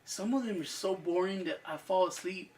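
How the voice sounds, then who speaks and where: A man with a high voice co-hosting a casual podcast. He teases his friends and talks in an animated way, chatting in loose, friendly banter. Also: moderate pace, recorded from a distance. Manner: animated, teasing. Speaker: podcast co-host. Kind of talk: casual chat.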